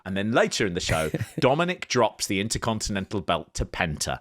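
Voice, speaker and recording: A man's voice: medium pitch, very animated, normal speed, sharp tone. A man co-hosting a casual wrestling review, telling stories with acted quotes and plenty of swearing. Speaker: podcast co-host.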